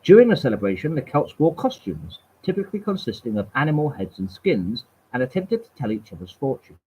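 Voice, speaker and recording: A man's voice: medium pitch, very animated, fairly quick, warm tone, slightly rough. A man reading history aloud from webpages, stumbling and repeating words, with wry casual asides. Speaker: channel host. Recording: tinny phone-like sound.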